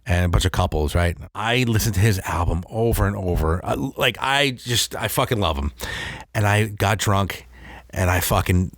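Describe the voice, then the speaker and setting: A man hosting a podcast in casual chat, excitable and profane, laughing as he tells his own embarrassing story. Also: lowish voice, normal speed, dry recording, studio quality. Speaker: podcast host.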